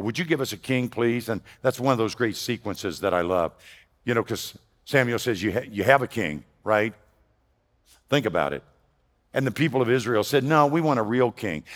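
A man preaching a sermon from the pulpit of a church. He swings from loud, emphatic declarations down to quiet, lower asides. His voice carries a long reverb through the sanctuary. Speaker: pastor.

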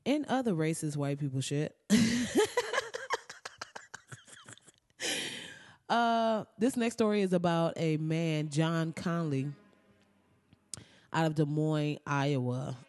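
A woman hosting comedic news commentary, blunt and animated, swearing freely and breaking into loud, high outbursts. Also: unhurried, dry recording. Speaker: commentary host.

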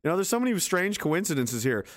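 A man's voice: sits high, sing-song, fast talker. A man giving a casual, sarcastic running commentary on footage, incredulous and swearing often.

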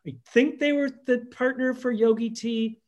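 A man telling stories as a guest in a conversational interview, acting out quotes and trailing off softly. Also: very high-pitched, steady tone, normal speed, dull audio.

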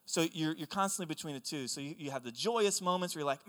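A young man preaching a sermon, telling stories in an animated, conversational way. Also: a little high, quick pace, few pauses. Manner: animated storytelling, excitable and conversational. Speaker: pastor. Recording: long hall reverb.

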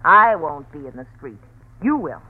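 An actress playing a cruel young wife who is turning into a cat, in a 1940s radio play on a tinny old recording. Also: female voice, low voice, big pitch swings, moderate pace. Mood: cold scorn. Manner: scornful, then shrieking in panic.

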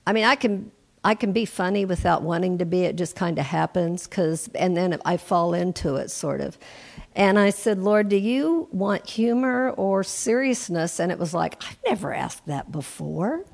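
Gravelly woman in her sixties preaching. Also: fairly low pitch. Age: 60s. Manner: warm conversational preaching with asides. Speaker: guest preacher. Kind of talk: sermon.

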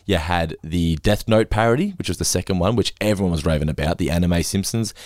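In a dry, studio-quality recording, a man with a low-pitched voice talks fast as he co-hosts a podcast. He keeps things casual and performs different voices in his lively stories.

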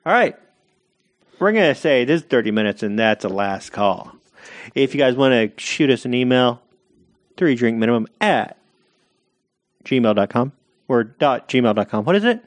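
A man's voice: medium pitch, very animated, moderate pace, pauses often, no room sound. A man co-hosting a casual comedy podcast, cracking teasing, self-deprecating jokes. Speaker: podcast co-host.

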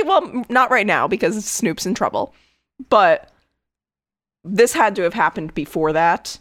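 Animated woman joking on a podcast. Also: medium pitch, unhurried, long pauses, no echo. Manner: animated, joking, swears freely. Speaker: podcast co-host. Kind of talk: casual podcast chat.

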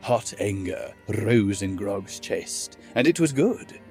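A man reading fantasy fiction aloud as narrator, in measured, steady storytelling. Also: fairly low pitch, faint music behind. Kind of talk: scripted narration.

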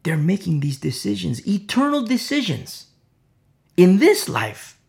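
A man's voice: sits high, wildly swooping pitch, unhurried, gravelly, darkish tone. A man preaching an informal sermon, impassioned and rambling, with many fillers and repeated phrases.

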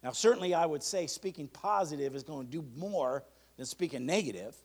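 A pastor preaching a sermon, leading the congregation in call-and-response and reading declarations slowly and emphatically. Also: male voice, on the high side, lively intonation.

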